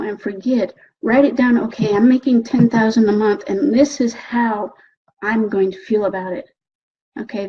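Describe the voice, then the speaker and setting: Woman, motivational speaker, coaxing and animated, husky voice, muffled lo-fi recording. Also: mid-range voice. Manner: animated and coaxing, keeps asking "okay?". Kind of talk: motivational talk. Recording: dull lo-fi recording.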